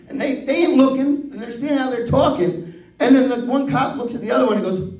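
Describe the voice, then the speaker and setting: A middle-aged man doing stand-up storytelling on a comedy club stage, animated and profane, laughing through the story. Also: extremely high pitch, brisk. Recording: echoey club room from a distance.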